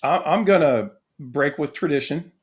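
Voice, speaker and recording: A man co-hosting a casual podcast chat, rambling and excitable, laughing often. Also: on the high side, moderate pace. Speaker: podcast co-host.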